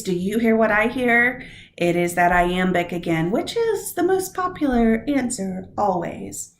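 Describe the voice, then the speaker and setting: A woman teacher giving a recorded lesson on poetry meter, walking through stress patterns slowly and step by step. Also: medium pitch, animated, reverberant.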